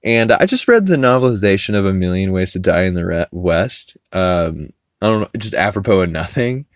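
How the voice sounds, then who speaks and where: A man's voice: sits low, animated, dry recording, studio quality. A man hosting a podcast, rambling through a casual recap of a cartoon episode and swearing freely. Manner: rambling, quotes characters in quick put-on voices, swears freely.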